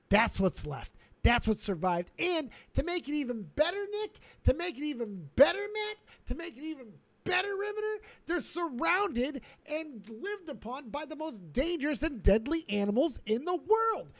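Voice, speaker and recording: A man hosting a casual streamed chat, going off on rambling comic rants that swing from low mutters to shouting. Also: big pitch swings, unhurried. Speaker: streamer host.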